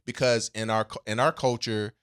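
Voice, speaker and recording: Bright-voiced man chatting on a podcast. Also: on the low side, fairly even intonation, moderate pace, clear, resonant tone. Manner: rambling, with many fillers and restarts; laughs easily, laid-back storytelling. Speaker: podcast co-host. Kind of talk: casual chat.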